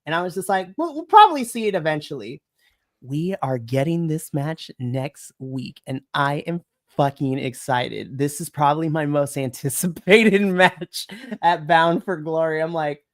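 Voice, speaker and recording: An excitable podcast co-host chatting casually about a show. Their voice sits at a middle pitch. They retell moments by acting out their own reactions in quotes. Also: moderate pace. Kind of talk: casual wrestling review chat. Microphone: podcast mic.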